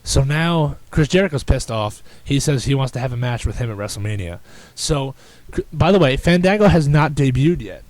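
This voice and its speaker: Rambling, excitable podcast guy. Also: mid-range voice, normal speed, few pauses, dry recording, rough recording. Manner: rambling, excitable, many restarts. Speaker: podcast host. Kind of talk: casual chat.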